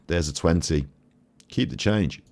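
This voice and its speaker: A man's voice: sits low, measured pace, over loud music. A man giving crude, sarcastic commentary on old TV clips and laughing often. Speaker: host.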